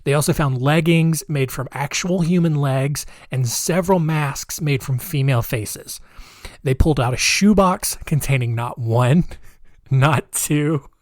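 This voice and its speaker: A male podcast host tells a true-crime story in a casual, chatty way, with a wry edge and plenty of fillers. His voice sits a little high for a man. The recording is dry and close-miked, with no room sound. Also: darkish tone, no echo. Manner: chatty, wry, laughs at grim details.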